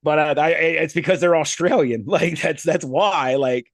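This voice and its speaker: A man's voice: a little high, moderate pace, no room sound, studio quality. A man co-hosting a casual podcast, rambling through profane banter with lots of fillers and frequent laughs. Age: adult parent. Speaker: podcast co-host.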